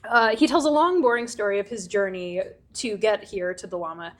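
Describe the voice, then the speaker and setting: A woman's voice: mid-range voice, fairly quick. A woman co-hosting a podcast, recapping a TV episode in casual chat, laughing often and acting out lines from the scenes. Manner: giggly, recaps scenes and acts out quotes. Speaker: podcast co-host.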